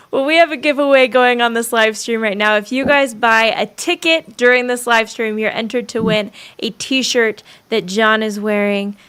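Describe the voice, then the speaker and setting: A woman's voice: a little high, fairly even intonation, measured pace, hardly any pauses, a bit bright, clear, resonant tone. A woman hosting a livestream interview, prompting her guests in an encouraging, conversational way. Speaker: livestream host.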